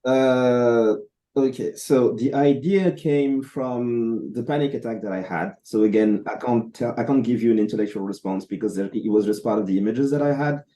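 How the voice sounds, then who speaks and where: Mellow-voiced man, halting and thoughtful. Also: mid-range voice. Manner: thoughtful, halting, many fillers and restarts. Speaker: comic book creator guest. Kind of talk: casual interview answers. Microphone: video call.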